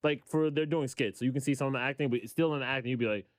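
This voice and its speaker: Male co-host, mid-pitched, rapid animated chatter, dry studio sound. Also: no room sound. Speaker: podcast co-host. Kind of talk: casual interview chat.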